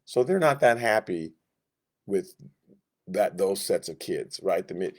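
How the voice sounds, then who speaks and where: A man's voice: low voice, lively intonation, measured pace, darkish tone. A man teaching a Sunday school Bible lesson, telling the story in a casual, joking way and acting out what the characters say in different voices.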